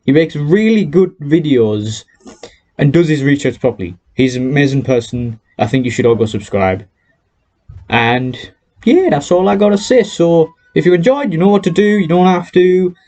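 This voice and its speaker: A North East English teenager, a YouTuber, keeps up a cheerful casual vlog at a moderate pace, laughing between sentences. His voice is a little high, expressive and dark in tone, and it's captured on a headset mic.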